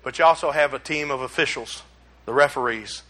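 A middle-aged pastor, preaching a sermon in a folksy, emphatic way that climbs into exclamations. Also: male voice, medium pitch, a little fast, bright, forceful tone.

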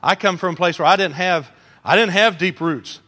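Bright high-voiced preacher in a hall. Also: male voice, moderate pace. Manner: animated, acts out quotes, jokes with the congregation. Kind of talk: sermon. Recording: long hall reverb.

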